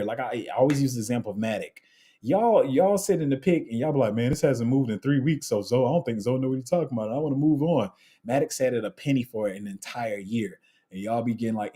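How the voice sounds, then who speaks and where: Young guy doing a live q&a, slangy and chatty, kinda dark mellow tone. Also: medium pitch, husky. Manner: chatty, slangy, trails off and restarts while multitasking. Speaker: crypto livestream host. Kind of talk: casual live Q&A, reading chat.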